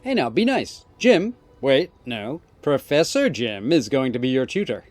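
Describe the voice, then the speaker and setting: A man's voice: mid-range voice, sing-song, a little slow, a little mellow, no echo. A man voicing a friendly, upbeat young male gang boss who talks cheerfully and apologetically. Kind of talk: reading game dialogue aloud.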